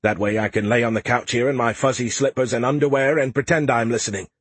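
A man's voice: mid-range voice, fairly even intonation, fast, slightly rough, no echo, close to an everyday voice. A man voicing a cocky, boastful male alien AI in an audiobook, teasing everyone he talks to. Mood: smug. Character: smug male alien AI in a beer can. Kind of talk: audiobook character voice.

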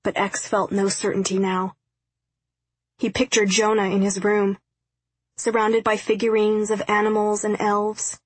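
A woman narrating an audiobook in a steady, measured reading. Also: mid-range voice, slightly rough, no echo, poor audio. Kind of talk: scripted narration.

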